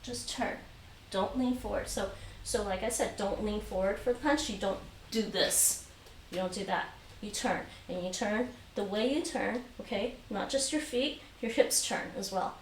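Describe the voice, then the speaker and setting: A woman streams a taekwondo lesson live from home, repeating directions patiently and calling out the rep count. Her mid-range voice keeps a moderate pace with few pauses. The microphone sits far away in an echoing room, and some faint noise is audible.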